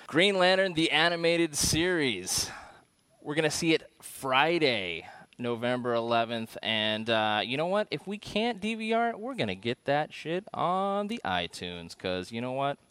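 A man hosting a podcast, chatting casually and getting excited. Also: on the high side, a little slow, smooth, no room sound. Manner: excitable, enthusiastic. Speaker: podcast host. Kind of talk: casual chat.

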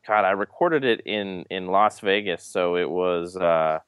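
A man co-hosting a podcast in casual chat, talking haltingly with frequent restarts. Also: low-pitched, fairly bright tone, clean tone, no echo, studio quality. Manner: halting, many restarts and fillers. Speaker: podcast co-host.

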